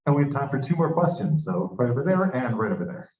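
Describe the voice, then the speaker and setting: A man's voice: medium pitch, sing-song, fast talker, darkish tone. A man hosting a book event, passing audience questions to the guest. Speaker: event host. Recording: echoey, dull room sound.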